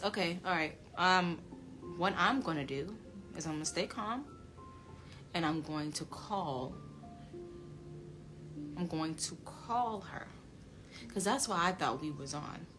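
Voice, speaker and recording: A young woman vlogging a personal story in a casual, animated and blunt way, with swearing. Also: deep voice. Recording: music playing underneath.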